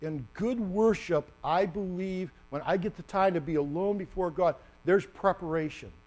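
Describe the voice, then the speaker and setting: A man preaching a sermon, animated and acting out the story with sudden loud bursts. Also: high voice, moderate pace.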